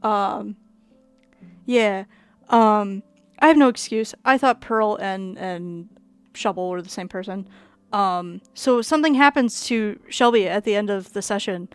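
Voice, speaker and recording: A woman's voice: mid-range voice, a little slow, smooth, dry recording, soft background music. A young woman with a Minnesotan accent, chatting casually on a gaming stream, rambling and laughing with many fillers and casual swearing. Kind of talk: casual live-stream chat while gaming.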